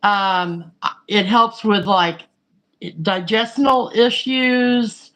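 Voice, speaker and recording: A woman's voice: mid-range voice, slow pace, fairly bright tone, low-quality recording. A woman chatting casually and frankly, rambling through a story with lots of fillers. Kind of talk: casual chat.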